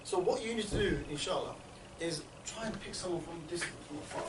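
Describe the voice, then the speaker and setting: A man training a group in street outreach, talking in a rapid, chatty way and often checking in with his listeners. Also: a little high, background noise. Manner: rapid, chatty, keeps checking in with "yeah?" and "right?". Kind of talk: instructional group talk. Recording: echoey room, mic at a distance.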